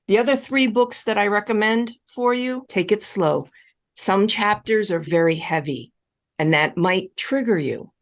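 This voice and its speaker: An animated woman coach gives advice in a live Q&A, her pitch leaping up and down as she stresses each point. She is reassuring and insistent, and she circles back to the same comforting phrases. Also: normal speed. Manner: emphatic and reassuring, repeats key phrases; animated, with wide swings in pitch. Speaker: relationship coach answering audience questions. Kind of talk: live online Q&A advice session.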